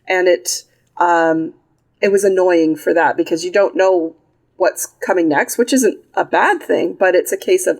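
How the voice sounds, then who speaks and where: A woman's voice: fairly low pitch, normal speed, darkish tone. Blunt, sarcastic woman podcast host. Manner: blunt, sarcastic, swears freely. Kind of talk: casual film review chat.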